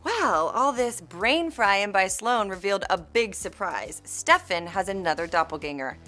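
A woman's voice: medium pitch, lively intonation, a little slow, bright, forceful tone, faint music behind. A young adult woman hosting a recap show in a bubbly, playful way, reading out fan tweets. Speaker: host.

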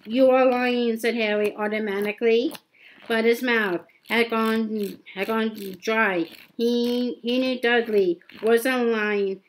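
Halting, slow woman reading aloud. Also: fairly high pitch, fairly even intonation, poor audio. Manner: halting, frequent stumbles and repeated words. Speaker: amateur reader.

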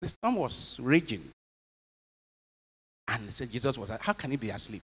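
A man's voice: mid-range voice, sing-song, normal speed, a bit bright, slightly rough. A man, a priest, giving an emphatic homily and putting questions to his congregation. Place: chapel. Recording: long chapel reverb.

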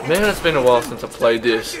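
A man's voice: medium pitch, lively intonation, fast talker, background noise. A young man giving casual, chatty gameplay commentary as a YouTuber, swearing freely and laughing at himself. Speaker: gaming YouTuber.

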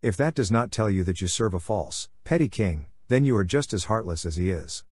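Guy reading as a smug sarcastic warlord, low voice, dry close sound, mocking then snapping. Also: expressive, fairly quick, a little mellow, dry recording. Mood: furious. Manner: smooth, sarcastic, flares into fury. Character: scheming silver-tongued male warlord, mocking and bitter. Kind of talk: audiobook character voice.

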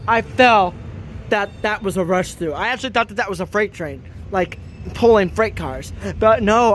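A man's voice: high-pitched, background noise. A young man filming a train-spotting vlog by the tracks, talking frantically and repeating himself. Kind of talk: excited vlog commentary. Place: outdoors by railway tracks.

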